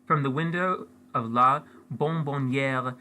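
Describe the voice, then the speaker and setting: A man reading aloud an interactive story in a measured way, as game master for his friends. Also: mid-range voice, sharp tone, a little hiss or hum, poor audio.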